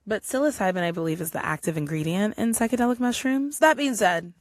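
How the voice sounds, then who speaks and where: A young adult woman hosting her own podcast, telling a personal story in a chatty, animated way and acting out quotes. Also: mid-range voice, fast, no echo, clean studio sound. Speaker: podcast host. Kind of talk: casual solo podcast storytelling.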